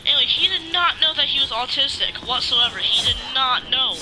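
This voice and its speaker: This is a gaming YouTuber venting in a casual vlog, his extremely high voice moving fairly quickly. The talk rambles, full of false starts and fillers, with some swearing, and a background hum is noisy throughout.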